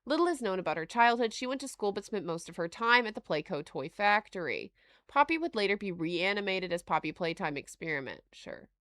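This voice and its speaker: A woman hosting a live stream, reading notes aloud and reacting to chat with frequent laughter and animated asides. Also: medium pitch, brisk, no room sound. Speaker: livestream host.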